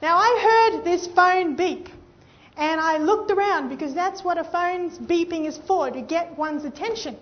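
A young adult woman preaching a sermon, telling a story in an animated way and acting out the quoted voices. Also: extremely high pitch, measured pace, lo-fi sound. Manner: animated, acts out the quoted voices, addresses listeners as friends.

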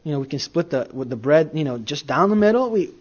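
A man's voice: fairly high pitch, expressive, fast talker, slightly rough, lo-fi sound. A man preacher voicing an eager, wide-eyed little boy sharing his lunch. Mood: friendly.

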